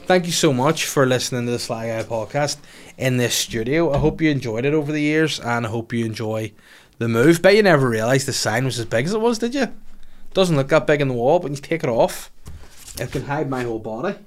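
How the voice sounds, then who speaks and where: A man's voice: mid-range voice, lively intonation, fairly quick. Male comic hosting a podcast, loose and foul-mouthed. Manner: crude, rambling, swears freely. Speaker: comedian and podcast host. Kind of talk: casual podcast chat answering listener questions.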